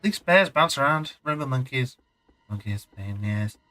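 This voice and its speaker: A man's voice: mid-range voice, expressive, normal speed, bright, forceful tone, poor audio. A man streaming a video game and chatting casually to viewers, rambling and poking fun at himself. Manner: chatty, self-mocking, rambling asides. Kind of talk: casual gameplay commentary. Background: faint game music.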